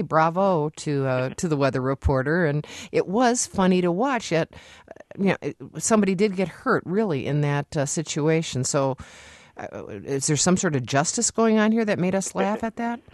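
A woman hosting a call-in radio show, chatty and quick to laugh as she asks questions. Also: deep voice, a little mellow, no echo, clean studio sound. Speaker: radio host.

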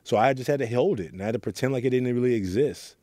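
A man's voice: medium pitch, fast, mellow, no echo. A man from Oakland who leads a youth program, earnestly telling stories from his past and acting out what people said. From Oakland, California. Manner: earnest, storytelling, acts out quotes. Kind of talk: reflective interview talk.

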